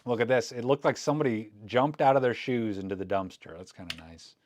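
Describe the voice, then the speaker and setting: Here a man with a lowish voice talks fairly quickly over slight background noise. He's a photography vlogger riffing on film scans as he makes them, chatty and joking, working things out out loud.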